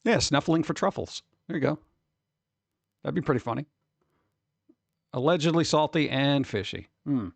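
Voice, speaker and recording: A man's voice: on the high side, expressive, moderate pace, gravelly, long pauses, no echo. A man hosting a livestream in casual chat, rambling, swearing casually and reading news aloud. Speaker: streamer host.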